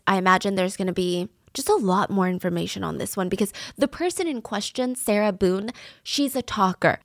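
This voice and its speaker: Chatty and conversational, a young woman in her adult years walks through a true crime story on her podcast, tossing in casual asides. She has a mid-range voice, captured with clean studio sound and no room echo.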